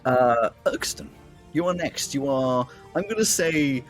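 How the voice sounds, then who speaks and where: A man narrating as game master of a tabletop game, describing action in quick, laughing bursts. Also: a little high, lively intonation. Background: faint fight music.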